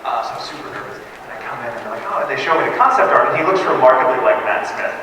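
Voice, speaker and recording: A man's voice: mid-range voice, rapid-fire, distant mic, a crowd in the background. A man answering fan questions on a convention panel, telling jokey stories and acting out quoted lines. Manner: animated, jokey storytelling with quoted voices. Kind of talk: live Q&A panel talk. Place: convention hall with audience. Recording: echoey hall, mic heard from afar, noisy.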